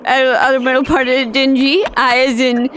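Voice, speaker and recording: A woman co-hosting a comedy game podcast, giggly and teasing in quick banter. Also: high voice, little pitch movement, fairly bright tone, slight background noise. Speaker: podcast co-host.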